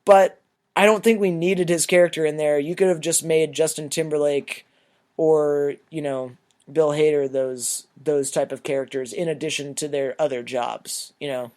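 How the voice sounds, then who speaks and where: A man's voice: a little high, fairly even intonation, moderate pace, darkish tone. A man co-hosting a podcast, chatting casually through a movie review in a loose, rambling way and swearing freely. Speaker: podcast co-host.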